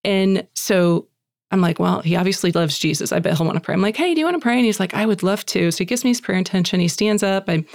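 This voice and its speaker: A woman giving a chatty, animated personal faith testimony at a women's gathering, acting out dialogue and saying "like" often. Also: on the low side, fast, gravelly, dry recording, clean studio sound. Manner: heavy use of "like" as filler. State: tearful at moments.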